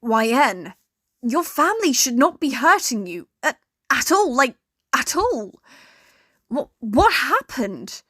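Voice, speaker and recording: A woman's voice: mid-range voice, sing-song, slow pace, no echo, clean studio sound, exaggerated voice. A woman voicing a hot-tempered, protective young woman who is blunt but tender with her partner. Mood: furious. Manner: blunt, tender toward partner, angry at abuser.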